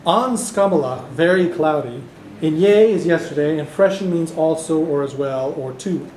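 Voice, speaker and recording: Higher-voiced man teaching in an echoey classroom. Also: darkish tone, a little hiss or hum. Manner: explains step by step, models phrases slowly for repetition. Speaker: Irish language teacher. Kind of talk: classroom language lesson. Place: community classroom in a heritage house.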